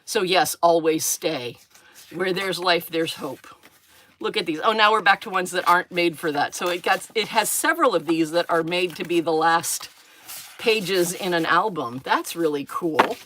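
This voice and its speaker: A middle-aged woman hosting a live craft unboxing, rambling and gushing with gasps and excited exclamations. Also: fairly low pitch. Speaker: craft channel host. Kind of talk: live-stream unboxing chat.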